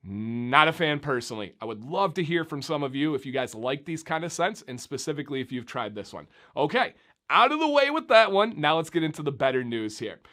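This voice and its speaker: A young man from Michigan talks straight to camera in a casual beard-oil review vlog. His voice sits a little higher than most men's, and his delivery is chatty and animated. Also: fairly quick. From Michigan, USA.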